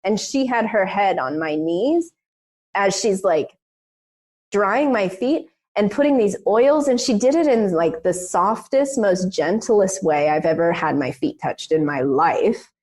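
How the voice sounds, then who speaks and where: Animated woman telling a personal story. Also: mid-range voice, a little slow. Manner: animated, emphatic, frequent "like" and "um". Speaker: podcast co-host. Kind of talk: personal storytelling in casual conversation.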